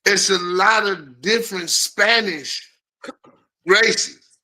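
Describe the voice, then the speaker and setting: Bright-voiced man asking easy questions. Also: high-pitched, slow. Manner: easygoing, asks questions. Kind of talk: casual chat.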